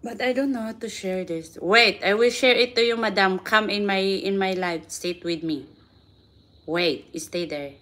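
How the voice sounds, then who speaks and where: A woman's voice: mid-range voice, measured pace, a bit bright. A woman hosting a casual livestream, chatting and laughing often, speaking as a with simple, repeated phrasing. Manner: chatty, laughs often, repeats words, non-native grammar. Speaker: livestream host.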